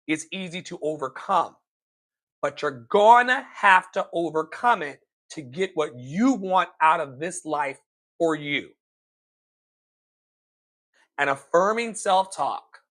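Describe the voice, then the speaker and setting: A man in his thirties speaks in a slightly high voice with a preacherly, emphatic delivery. His motivational talk builds to sudden loud exclamations. A light flavor colors his speech.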